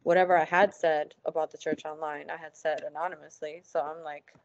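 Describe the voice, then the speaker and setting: A woman's voice: sits low, flat delivery, fairly quick, no echo. A woman guest on an interview show, telling a personal story casually, acting out past conversations and using lots of "like" fillers. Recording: dull lo-fi, dry sound.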